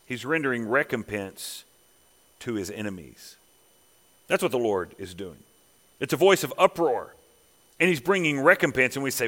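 A pastor preaches in a fairly high voice, building to emphatic peaks and then dropping to quiet asides. His words ring out with a long reverb through the church sanctuary. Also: lively intonation, normal speed, pauses often. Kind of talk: sermon.

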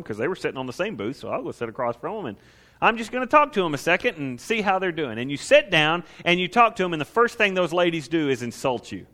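A male pastor preaching an animated sermon who asks the audience questions and acts out scenes. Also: a little high, fast.

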